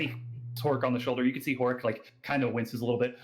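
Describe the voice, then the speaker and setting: A man with an Australian accent narrating a tabletop game as game master, pausing often with fillers. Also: mid-range voice, flat delivery, rough recording. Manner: hesitant, many fillers and restarts.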